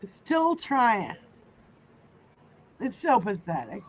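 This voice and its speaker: Female co-host, drunk, profane, high and slow, on muffled lo-fi audio. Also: lively intonation, a bit bright. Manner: profane, hurling insults at trolls. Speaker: livestream co-host. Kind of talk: casual livestream chat.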